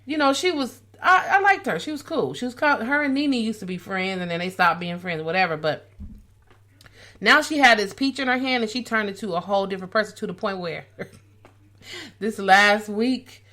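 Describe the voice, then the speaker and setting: A woman co-hosting a podcast, telling stories in a chatty, animated way. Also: mid-range voice, normal speed. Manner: chatty storytelling, animated retelling. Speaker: podcast co-host. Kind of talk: casual chat.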